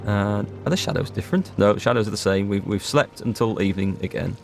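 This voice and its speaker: A man gives a casual let's-play commentary, joking as he goes and talking to his viewers. His voice sits fairly low and has a gravelly edge. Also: fast talker, slight background noise. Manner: joking, talks to chat while playing. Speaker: gaming video host.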